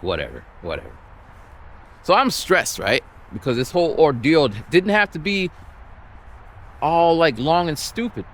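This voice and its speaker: Animated, exasperated man venting about his week while walking outside, with faint traffic behind him. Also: on the high side. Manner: exasperated, animated, acts out the people he quotes. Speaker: vlogger. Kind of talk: ranting storytelling while walking. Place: outdoors, walking in a town.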